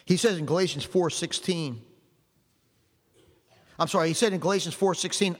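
A man's voice: high voice, moderate pace, pauses often. A male preacher delivering a sermon with an emphatic, repetitive preaching cadence. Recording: long hall reverb.

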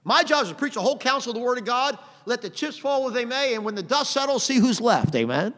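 A middle-aged man preaching a sermon in a conversational way, punching out phrases loudly and adding "amen". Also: extremely high pitch, lively intonation, quick pace. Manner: conversational preaching with sudden loud emphatic phrases and frequent "amen". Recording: long hall reverb.

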